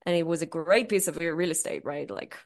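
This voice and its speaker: A young woman co-hosting a podcast, with a voice that sits a little low. She tells stories in a loose, casual way. She swears freely and laughs often. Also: brisk. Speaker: podcast co-host. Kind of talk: casual chat.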